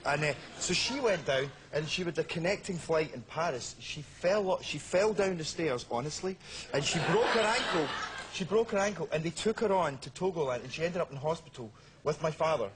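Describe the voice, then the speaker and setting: A Scottish man, a talk show guest, telling animated anecdotes, laughing through them, with many restarts and acted-out voices. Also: on the high side, fairly quick. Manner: laughs through his stories, stacks up restarts and acts out quoted voices. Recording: heavy background noise.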